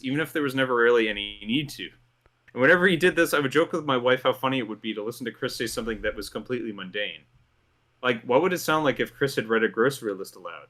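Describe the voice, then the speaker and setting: A man's voice: medium pitch, expressive, fast, a bit bright. A man hosting a commentary show, reading a script in an amused tone and laughing through his lines. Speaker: host.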